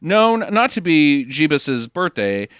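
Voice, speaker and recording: A man's voice: a little high, big pitch swings, slow pace, a bit bright, clean tone, dry recording, studio quality. A man hosting a podcast, upbeat and jokey, reading listener mail. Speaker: podcast host. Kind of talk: casual chat.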